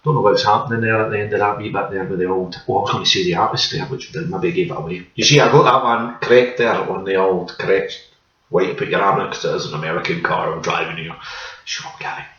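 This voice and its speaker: A man's voice: sits low, steady tone, quick pace, fairly bright tone, echoey room, distant mic, dull audio. A man hosting a pub quiz in a loose, chatty way, wandering off track and correcting himself as he goes. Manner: chatty, meandering, self-correcting. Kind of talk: casual rambling quiz hosting.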